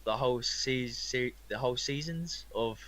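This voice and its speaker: Laid-back man with a bright voice. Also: medium pitch, moderate pace, a little hiss or hum. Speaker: podcast co-host. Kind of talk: casual chat.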